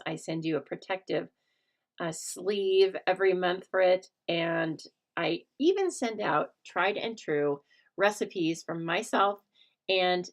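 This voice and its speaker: A middle-aged woman hosting a live papercraft stream, chatting casually, teasing herself and greeting viewers by name. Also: mid-range voice. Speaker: host of a live stamping and papercraft show.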